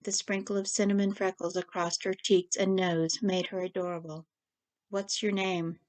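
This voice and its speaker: A woman author reading her short story aloud at a steady, even pace. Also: on the low side, normal speed. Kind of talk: story narration.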